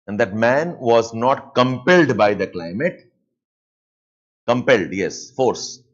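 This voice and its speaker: A man with an Indian English accent gives a slow, deliberate live lecture, repeating each point so that students can write it down. His pitch moves up and down with emphasis as he drops in Hindi asides, and the audio is dull and lo-fi. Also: lively intonation. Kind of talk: live online lecture with dictation.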